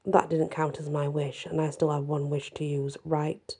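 A woman's voice: deep voice, level tone, normal speed, darkish tone, slight background noise. Woman doing a whiny spoiled little boy. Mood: petulant. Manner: whiny, petulant.

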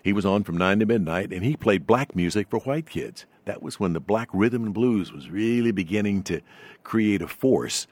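Deep older man, polished announcer voice. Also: lively intonation, a little mellow, no echo. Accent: faint Southern US. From Southern United States. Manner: polished announcer delivery, unhurried anecdotes. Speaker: guest, veteran broadcaster. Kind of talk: storytelling in an interview.

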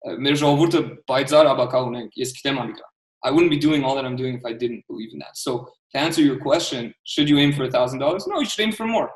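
A man's voice: medium pitch, rapid-fire, far from the mic. A diaspora Armenian man, a guest entrepreneur in an interview, talking with passion and emphasis and often repeating words. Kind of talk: casual interview talk. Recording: roomy, off-mic sound.

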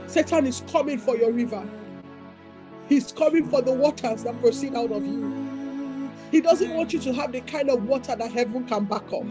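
A woman's voice: high-pitched, low-quality recording. A woman preacher delivering a fervent sermon with repeated declarations.

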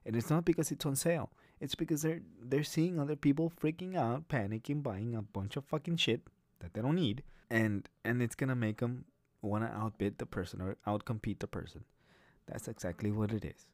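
A man's voice: lowish voice, no room sound, clean studio sound. A man hosting a solo podcast, talking bluntly and profanely in a rambling way with many restarts. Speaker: podcast host. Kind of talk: casual solo podcast monologue.

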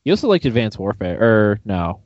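A man co-hosting a casual podcast who laughs often and gets excitable. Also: lowish voice, a little fast, dry recording, muffled recording. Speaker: podcast co-host. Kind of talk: casual chat.

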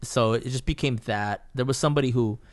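A man's voice: medium pitch, a little fast. A man, a painter and podcast guest, telling a story in casual chat, swearing freely and rambling through fillers and restarts.

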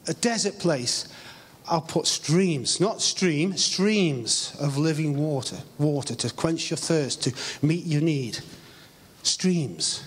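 A man with an English accent preaching a sermon as the church's pastor, earnest, stretching out key phrases for emphasis. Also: on the high side. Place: church hall. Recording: live stream with long hall reverb.

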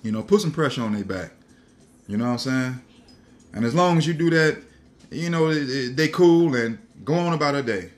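A man's voice: mid-range voice, expressive, normal speed. Profane rambling man telling stories. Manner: profane, laughing, rambling, repeats himself. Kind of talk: casual storytelling rant.

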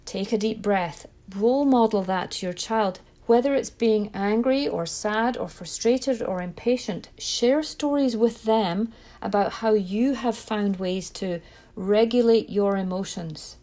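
A woman's voice: medium pitch, unhurried, mellow. A woman giving parenting advice in an earnest, reflective way. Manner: earnest, reflective, with small restarts. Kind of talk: direct-to-camera parenting talk.

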